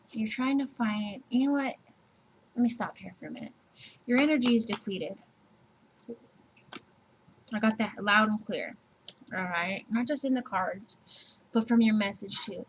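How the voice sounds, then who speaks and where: A woman's voice: medium pitch, background noise. A woman giving a casual personal tarot reading, chatty and laughing, swearing freely and acting out little scenes. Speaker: tarot reader.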